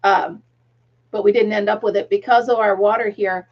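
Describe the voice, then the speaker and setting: A woman's voice: mid-range voice, steady tone, moderate pace, dull audio. A middle-aged woman hosting a casual crochet livestream, chatting, laughing often and counting stitches aloud, with a tickle in her throat. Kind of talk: casual chat while crocheting.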